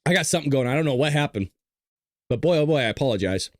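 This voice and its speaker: A man hosting a live stream, talking to the chat in a blunt, casual, combative way and often clearing his throat. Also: medium pitch, animated, fast talker, dry recording, clean studio sound. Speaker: show host. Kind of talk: livestream commentary to a chat.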